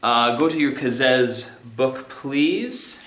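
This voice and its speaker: A man's voice: medium pitch, lively intonation, slow pace, a bit bright, a little hiss or hum. A man teaching music theory in a recorded remote lecture, talking casually and scatting rhythms to show them. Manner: casual, sings and scats rhythms to demonstrate. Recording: echoey room.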